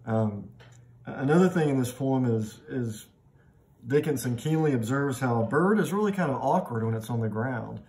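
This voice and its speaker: A middle-aged man lecturing on poetry in a relaxed, conversational voice at an ordinary pitch. He often restarts with doubled words as he thinks aloud. When he reads poem lines, he slows down and sounds them out. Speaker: literature lecturer. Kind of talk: recorded lecture.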